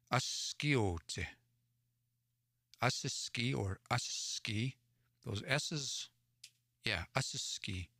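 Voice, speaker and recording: Male livestream host from Edmonton, slow and tentative, low voice, translating as he reads. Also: a bit bright, dry recording, clean studio sound. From Edmonton area, Alberta, Canada. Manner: thinking aloud, tentative, sounding out words. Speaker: livestream host reading Cree stories. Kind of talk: reading aloud and translating word by word.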